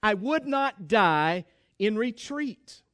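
Male preacher voicing a resolute Union colonel: grim, firm, high and resonant. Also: lively intonation, takes it slowly, fairly bright tone, no room sound, clean studio sound, exaggerated voice.

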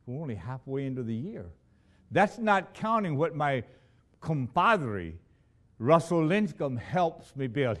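A man preaching a sermon at an unhurried pace. His pitch rises and falls widely, from booming emphasis down to near-whispered lows. He sounds like a missionary telling stories from the pulpit. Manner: dramatic storytelling, swings between loud emphasis and hushed lows.

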